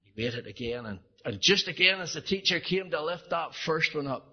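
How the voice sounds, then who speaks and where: Earnest male preacher, husky voice, dull lo-fi recording, pleading sermon delivery. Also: a little high, animated, normal speed. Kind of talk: evangelistic sermon storytelling.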